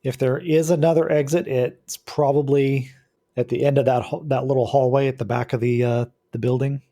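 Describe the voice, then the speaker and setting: A man acting as game master narrates a tabletop game, describing scenes haltingly. His voice is medium-pitched, steady and dark in tone.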